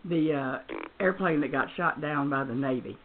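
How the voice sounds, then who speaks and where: A woman's voice: low voice, moderate pace. An older woman being interviewed, who answers questions in short, dry words. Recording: tinny phone-like sound.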